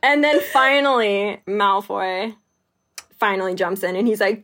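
A woman's voice: medium pitch, fairly even intonation, unhurried, fairly bright tone. A woman co-hosting a podcast, chatting casually about a book with lots of fillers and acted-out quotes. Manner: chatty, many fillers, acts out quoted lines. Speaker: podcast co-host.

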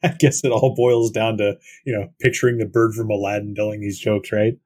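A man's voice: fairly low pitch, flat delivery, fairly quick, darkish tone, slightly rough, no echo. A man co-hosting a casual gaming podcast, easygoing and laughing along. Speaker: podcast co-host.

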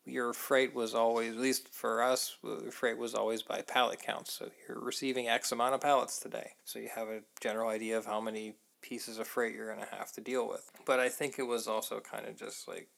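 Gravelly-voiced podcast co-host chatting. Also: medium pitch, flat delivery, fairly quick, hardly any pauses, fairly bright tone. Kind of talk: casual movie recap chat.

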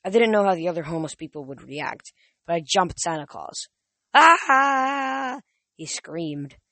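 A casual audiobook narrator reading a first-person adventure in an even middle pitch, often tripping over words and going back to fix them. The sound is dry and close, with no room around it. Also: brisk, no room sound. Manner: casual, with frequent slips and restarts.

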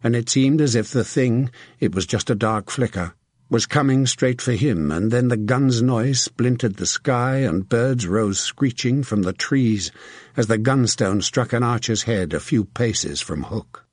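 A man reading a historical novel aloud as narrator, in steady, measured storytelling. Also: medium pitch, slightly rough, no echo, studio quality. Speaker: audiobook narrator. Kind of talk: scripted narration.

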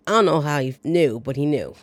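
A woman hosting a podcast chats through a movie recap with wry, dry jokes. Her voice is on the low side for a woman. The sound is dry and close, with no room echo. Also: expressive, a little fast. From lives in the American South. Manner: chatty, wry, dryly joking. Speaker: podcast host.

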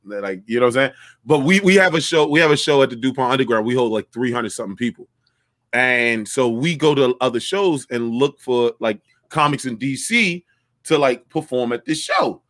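A man's voice: mid-range voice, lively intonation, normal speed, fairly bright tone. A man co-hosting a casual chat, talking with restarts and street slang. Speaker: podcast co-host.

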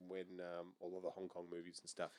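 A man's voice: low voice, monotone, a little fast, a little mellow. A man co-hosting a movie podcast, rambling with lots of restarts and laughter. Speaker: podcast co-host. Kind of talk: casual movie podcast chat.

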